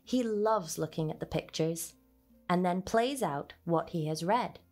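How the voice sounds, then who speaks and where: Woman reading a children's book aloud, unhurried and sing-song, over soft music. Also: fairly low pitch. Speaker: storyteller.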